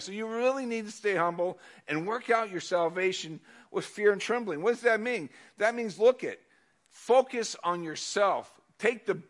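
A man delivers a casual sermon in a fairly high voice, swinging between loud emphasis and quiet asides and frequently repeating words as he goes.

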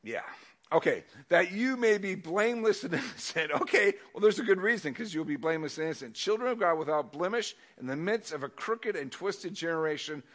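High-voiced man preaching a lively sermon. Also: fairly quick. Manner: animated, swings between loud emphasis and soft asides, repeats words. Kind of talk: casual sermon.

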